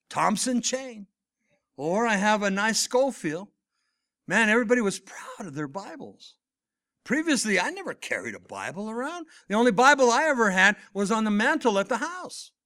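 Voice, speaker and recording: A middle-aged pastor preaching a sermon, swinging between loud emphatic lines and hushed near-whispers. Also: male voice, high voice.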